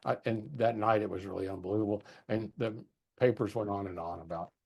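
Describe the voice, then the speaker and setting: Low-voiced older man telling a story. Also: fairly even intonation, a little fast, vocal fry, darkish tone, slightly rough. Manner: rambling, with many restarts and fillers. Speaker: acoustics designer. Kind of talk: casual anecdote.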